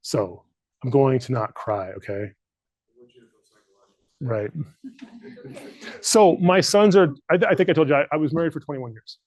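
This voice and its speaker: A man's voice: medium pitch, lively intonation, measured pace, pauses often, a little mellow, no room sound. A middle-aged man leading a leadership workshop, speaking earnestly and candidly, fighting back tears. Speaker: leadership trainer. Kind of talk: emotional workshop talk. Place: training room.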